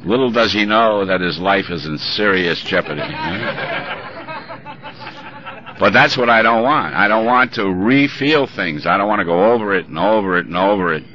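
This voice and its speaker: A man's voice: fairly low pitch, normal speed. A man, likely older, speaking bluntly and wryly at a recovery meeting. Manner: blunt, wry and confrontational. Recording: dull lo-fi recording with faint hiss.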